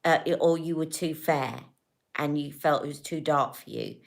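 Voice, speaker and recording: A woman hosting a beauty livestream, talking straight to her viewers. Her voice sits a little low. Her talk rambles in a chatty, affectionate and emotional way, as she speaks into a phone or webcam. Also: moderate pace, creaky. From United Kingdom. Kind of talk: casual livestream chat with viewers.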